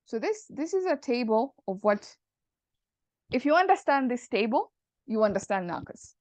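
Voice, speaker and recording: A woman teacher telling a playful, jokey story to explain a lesson, in a conspiratorial, animated way. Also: fairly high pitch, normal speed, no echo. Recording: dull dry lo-fi recording.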